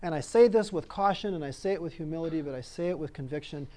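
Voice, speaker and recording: A man's voice: on the high side, quick pace, dark tone. A pastor preaching a conversational sermon, emphatic and repeating phrases as he asks his listeners "all right?".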